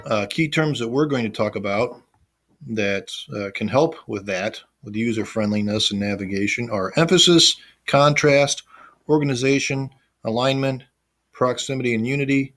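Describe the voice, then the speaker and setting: A man's voice: mid-range voice, normal speed, a bit bright. A man teaching an online class, talking casually over a screen recording with plenty of fillers and restarts. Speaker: instructor.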